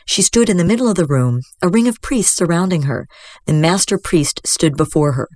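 A woman reading a fantasy story aloud in a steady, measured manner into a close mic. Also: lowish voice. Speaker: story reader. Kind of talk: scripted story narration.

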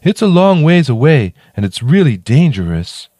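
A man's voice: on the high side, very animated, normal speed, dark tone, dry recording, clean studio sound, voice pushed up. A man voicing a female raven who is morbidly curious and eager in a storybook reading. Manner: eager, a bit macabre.

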